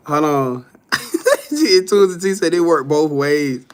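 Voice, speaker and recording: A man hosting a casual live stream, reading viewer comments aloud and answering them in a loose, profane, animated way with frequent laughter. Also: on the high side, slow, clean tone.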